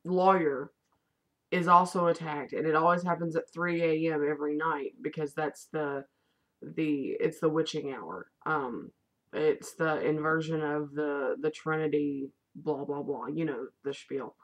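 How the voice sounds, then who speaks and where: A woman's voice: sits low, steady tone, unhurried. A woman vlogger in casual, rambling chat reviewing a favorite movie, with the odd casual swear.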